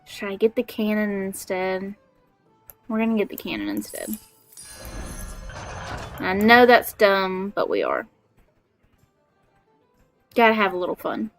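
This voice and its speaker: A woman's voice: mid-range voice, fairly even intonation, a little slow, long pauses, soft background music. A young woman from Alabama with a Southern accent, chatting in a bubbly, giggly way while she streams a game. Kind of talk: casual gaming livestream chat.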